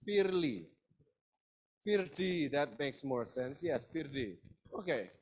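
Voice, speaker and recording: A man's voice: on the high side, big pitch swings, slow, breathy edge, low-quality recording. A man teaching public speaking in a live workshop, emphatic and demonstrative, often quizzing his audience. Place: university seminar room.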